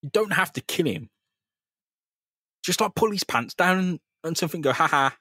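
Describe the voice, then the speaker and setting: A man's voice: high-pitched, expressive, moderate pace, sharp tone, breathy edge, dry recording, clean studio sound. Sweary man recapping comics. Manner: loose, sweary storytelling that acts out characters' lines. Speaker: podcast co-host. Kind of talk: casual comic chat recapping a comic.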